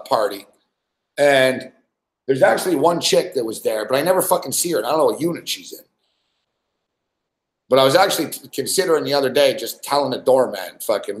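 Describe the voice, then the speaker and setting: A man rambling through a crude story, swearing constantly and stuffing his sentences with fillers. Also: medium pitch. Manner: rambling, profane, lots of "like" and "fucking". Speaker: podcast host. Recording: echoey room.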